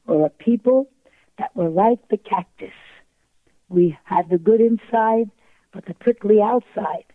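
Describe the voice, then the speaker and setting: An older woman calls into a talk show as a guest, her mid-range voice coming over a tinny phone line with a dry recording. She tells stories emphatically and repetitively, acting out the voices she quotes.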